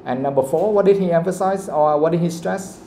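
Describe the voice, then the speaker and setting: A man teaching an English pronunciation class, explaining slowly and checking in with "okay?" after nearly every point. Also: on the high side, vocal fry, warm tone, echoey room, a little hiss or hum. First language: Vietnamese. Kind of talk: live classroom lesson.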